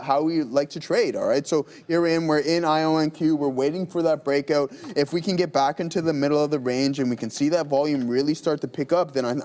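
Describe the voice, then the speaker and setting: A man's voice: on the high side, darkish tone. A man hosting a live trading stream, giving casual, upbeat commentary on charts and positions to viewers. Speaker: trading show host.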